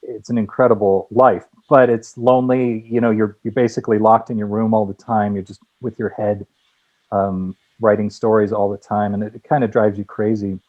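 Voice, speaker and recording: A man who is a guest screenwriter and director, telling lively anecdotes with many restarts in a casual interview. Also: fairly low pitch, normal speed, highs cut off.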